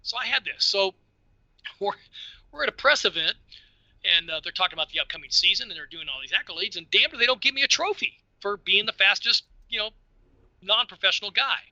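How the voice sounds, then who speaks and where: A middle-aged man with a strikingly bright, forceful voice tells casual stories, joking at his own expense. The sound is dry and close, but dull and lo-fi. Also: high-pitched, brisk, no echo. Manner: lively, laughing, self-deprecating storyteller. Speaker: podcast guest. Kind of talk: casual storytelling.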